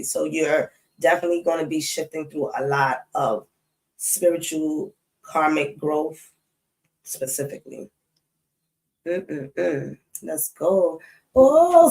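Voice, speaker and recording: A woman's voice: deep voice, poor audio. A woman hosting an astrology live stream, chatting casually and animatedly with slang, speaking straight to her viewers' comments.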